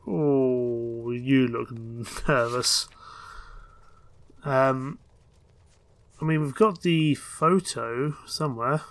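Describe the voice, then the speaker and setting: A man's voice: medium pitch, drawn-out words, long pauses, fairly bright tone. A man commentating his own gameplay in a chatty, self-mocking way. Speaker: let's play gamer.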